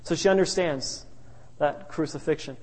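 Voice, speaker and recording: A man's voice: fairly high pitch, normal speed, a little mellow, in a large hall, rough recording. A man preaching a sermon in a church, telling folksy family stories to make his points.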